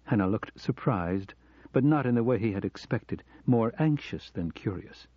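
Low, mellow male audiobook narrator. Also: slightly rough, no echo. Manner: calm, measured storytelling. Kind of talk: scripted narration. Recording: dull lo-fi audio.

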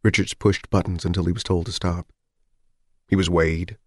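A man narrating a novel in an even, measured audiobook reading. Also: low voice, dry recording, studio quality.

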